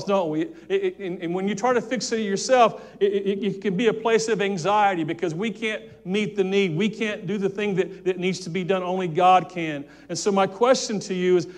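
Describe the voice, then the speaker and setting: A man with a notably high voice delivers an earnest sermon from a church pulpit. He stumbles and restarts his phrases often as he works through his points. He pauses to have the congregation repeat key words back to him. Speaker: pastor. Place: church sanctuary.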